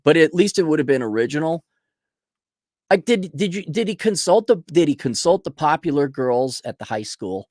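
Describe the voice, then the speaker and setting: Casting: sarcastic male live-stream host, scornful rant, swings pitch a lot, dry close sound. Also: animated, moderate pace, a little mellow, dry recording. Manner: sarcastic, scornful, restarts often. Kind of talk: casual ranting commentary.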